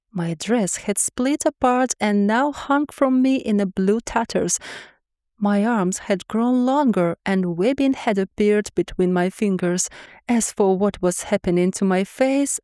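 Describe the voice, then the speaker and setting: A woman narrating a funny first-person fantasy story in a lively, wry way. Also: medium pitch, no echo, clean studio sound.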